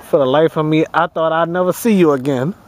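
A woman's voice: deep voice, brisk, a little mellow, slight background noise. A woman vlogging outdoors on a handheld camera in casual chat, stammering and repeating words, groaning and laughing at herself as she strains at exercise equipment. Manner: self-mocking, groaning and calling for help while straining.

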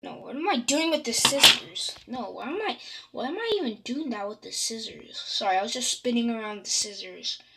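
A woman's voice: fairly high pitch, lively intonation, normal speed, gravelly, pushed and bright, slight background noise. A woman talking casually over her own gameplay, chatty, dropping into whispers and breaking into panicked squeals. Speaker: gaming channel host.

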